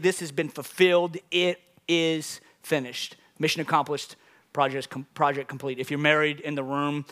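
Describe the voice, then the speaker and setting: Male pastor, sermon, church service, rises to emphatic preaching, fairly high voice. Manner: builds from calm teaching to loud emphatic preaching with crowd call-outs. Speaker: lead pastor. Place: church service before a congregation.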